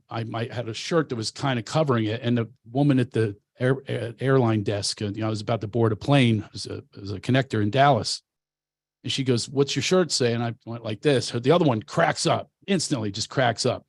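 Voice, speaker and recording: A man's voice: mid-range voice, no room sound. Man from Philadelphia, comic and coach, brash and preachy, dry close sound. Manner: brash, self-mocking, preachy. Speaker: comedian and coach. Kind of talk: casual storytelling chat.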